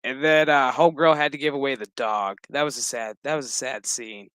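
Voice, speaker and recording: A man's voice: medium pitch, a little fast, clean tone, dry recording. A man casually recapping a TV episode, swearing freely and joking as he goes. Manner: profane, joking, animated storytelling. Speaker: show recap host.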